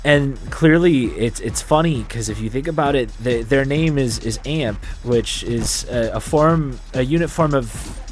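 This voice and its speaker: A man's voice: mid-range voice, a little slow, faint music behind. A man hosting his gaming channel, chatting through game commentary in a rambling, jokey way that keeps interrupting itself.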